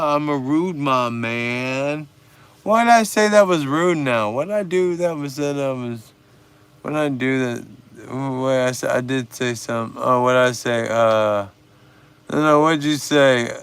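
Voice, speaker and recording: A man's voice: medium pitch, unhurried, fairly bright tone, clear, resonant tone. A man hosting a casual livestream chat, talking stoned, laid-back and profane while teasing a viewer. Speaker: livestream host.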